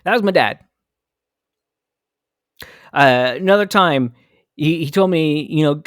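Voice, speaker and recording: A man's voice: fairly high pitch, animated, takes it slowly, long pauses, a bit bright, no room sound, studio quality. A man hosting a podcast, telling a candid, reflective story about his own childhood. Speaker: podcast host. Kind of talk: personal storytelling monologue.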